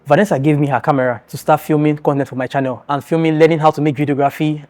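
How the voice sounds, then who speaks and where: In an emotional, earnest storytime vlog, a young adult man from Nigeria addresses his viewers directly as he recounts his life. He speaks at a quick pace, his voice on the high side, steady and a little mellow.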